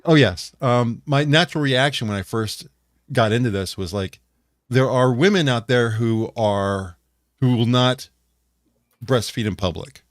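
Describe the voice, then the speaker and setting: A man's voice: mid-range voice, unhurried, no room sound, clean studio sound. A man co-hosting an online talk show, chatting casually in a rambling, jokey way and greeting viewers in chat. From United States. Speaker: podcast co-host.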